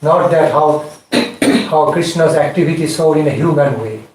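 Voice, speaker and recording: A man teaching a scripture class, explaining points in measured, repeated phrases and chanting Sanskrit verses. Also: on the high side. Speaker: spiritual teacher. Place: indoor class room. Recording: echoey room, distant mic, faint noise.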